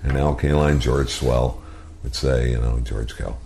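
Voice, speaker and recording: An older man in his sixties tells radio stories with an extremely deep voice. He spins animated anecdotes, slipping into quoted voices as he goes. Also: a little slow, creaky, a little hiss or hum. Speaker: radio personality and guest. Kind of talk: storytelling in interview.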